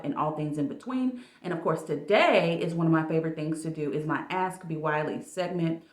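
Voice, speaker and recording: A woman life coach chatting casually in an advice vlog, speaking in a lively, animated way. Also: sits low. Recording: echoey room.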